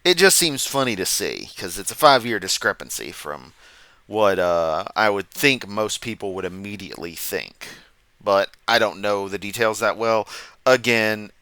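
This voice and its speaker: A man's voice: lowish voice, expressive, moderate pace, sharp tone, clear, resonant tone, dry recording. Rambling man doing casual reaction commentary. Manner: rambling, goes off on tangents, laughs at his own jokes. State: sleepy, yawning.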